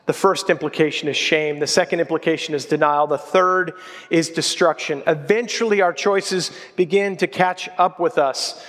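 High-voiced man preaching in a reverberant hall. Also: normal speed, fairly bright tone. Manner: conversational, storytelling, drops low for emphasis. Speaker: pastor. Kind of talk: sermon. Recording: long reverb of a large hall.

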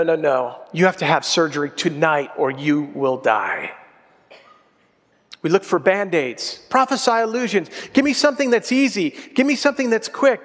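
High-voiced man preaching in a reverberant hall. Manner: conversational, storytelling, drops low for emphasis. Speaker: pastor. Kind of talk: sermon. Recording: long reverb of a large hall.

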